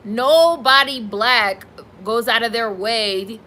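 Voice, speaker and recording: Bright-voiced woman chatting sassily with her stream. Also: on the high side, slow pace, rough recording. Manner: candid, sassy, reacting to chat with laughs and asides. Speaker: streamer reading viewer comments. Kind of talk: casual live-stream chat.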